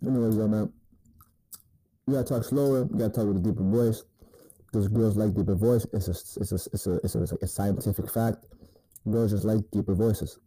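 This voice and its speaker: A man's voice: on the low side, fairly even intonation, brisk, mellow, husky, no echo, rough recording. A man giving laid-back, profane dating advice in a rambling casual monologue, often asking "you know what I mean".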